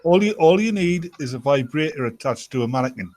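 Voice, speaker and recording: A man's voice: fairly high pitch, lively intonation, a little fast, darkish tone, dry recording. A man co-hosting a casual podcast live stream, trading crude jokes and banter. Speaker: podcast co-host.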